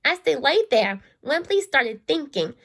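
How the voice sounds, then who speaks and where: A woman's voice: high-pitched, big pitch swings, measured pace, fairly bright tone. A woman reading a children's storybook aloud, often stopping to restart and repeat words. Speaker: storybook reader.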